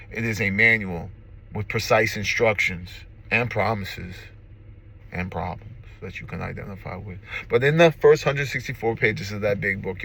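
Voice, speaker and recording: A man's voice: fairly low pitch, creaky, a bit bright. A man in his forties sharing his recovery story in an earnest, emphatic way, emotional and close to tears, speaking from a car. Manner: earnest and emphatic, repeats slogans. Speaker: recovery vlogger. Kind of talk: personal testimony to camera.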